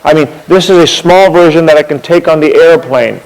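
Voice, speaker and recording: A man with a slightly raised pitch tells history as a rambling, friendly anecdote. He often repeats a word while he finds the next thought and points things out with props. The sound carries a long, echoing reverb, as if from a large hall. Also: brisk, creaky, darkish tone. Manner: chatty, repeats words while gathering thoughts; demonstrates with props as he talks. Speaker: speaker telling history. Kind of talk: anecdotal storytelling talk.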